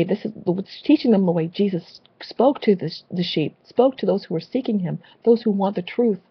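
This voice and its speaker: A woman's voice: mid-range voice, slightly rough, no room sound, dull audio. A woman delivering an impassioned, preachy religious rant, repeating phrases for emphasis. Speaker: Christian video blogger.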